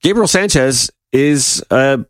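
A man's voice: mid-range voice, lively intonation, slow pace, smooth, no room sound. A man speaking in a casual, opinionated political commentary monologue, firing off rhetorical questions.

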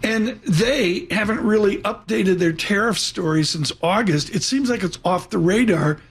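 A man with a fairly high voice hosts a live financial broadcast. He talks quickly and casually, hopping from market numbers to his guest without pausing. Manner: quick, chatty, jumps between topics. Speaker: radio and TV markets host.

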